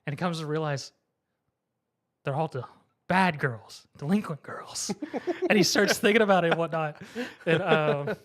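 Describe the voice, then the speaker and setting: A man recapping an anime episode in casual chat, lively and quick to laugh, acting out the characters' lines. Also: on the high side. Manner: animated retelling, acts out characters' lines, laughs often. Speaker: podcast co-host.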